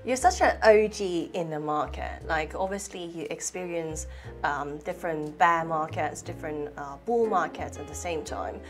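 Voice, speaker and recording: A woman's voice: deep voice, moderate pace, faint music behind. A woman hosting a casual interview, her voice nasal from a flu, asking questions in a friendly, inquisitive way. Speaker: host.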